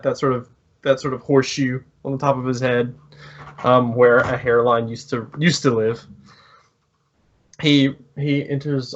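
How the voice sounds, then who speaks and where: A man as game master, narrating a tabletop game with hesitant pauses and restarts. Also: medium pitch, dull audio. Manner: hesitant, lots of ums and restarts.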